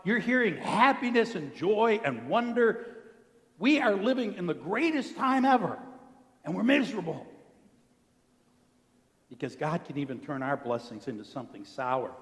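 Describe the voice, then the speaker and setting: A male pastor preaching a conversational sermon, asking the congregation questions and dropping to a quiet intensity for emphasis. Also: a little high. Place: church sanctuary. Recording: long hall reverb.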